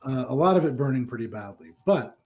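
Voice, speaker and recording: A man serves as game master, describing a burning town at a tabletop game. His voice sits at an ordinary middle pitch. He narrates loosely, with frequent ums and kind ofs. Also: lively intonation, fast, a little mellow. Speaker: dungeon master.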